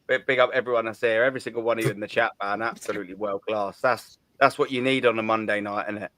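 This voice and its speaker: A man hosting a live football fan stream, giving laid-back, repetitive shout-outs to the chat. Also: fairly low pitch, fairly even intonation, fast, no echo. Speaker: stream host. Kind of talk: casual live stream sign-off.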